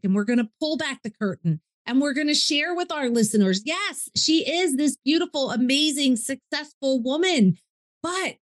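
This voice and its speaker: A woman's voice: high-pitched, no room sound, studio quality. A woman hosting a podcast interview, enthusiastic and emphatic, encouraging her guest. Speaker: podcast host. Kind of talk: upbeat interview chat.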